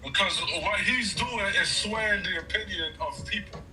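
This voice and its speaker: A man's voice: high voice, a little slow. A man in a heated casual debate, blunt and combative. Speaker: stream co-host. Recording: distant from mic, loud music behind.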